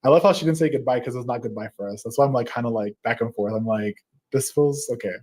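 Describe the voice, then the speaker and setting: A man's voice: mid-range voice, fast talker. Man reading chat comments with laughs. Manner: warm, laughs often, reads with fillers. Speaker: host.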